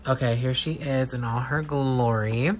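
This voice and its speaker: A man chatting casually and gushing while unboxing a doll, with quick excited asides. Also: medium pitch, background noise. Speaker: doll collector vlogger. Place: indoor room with air conditioner hum.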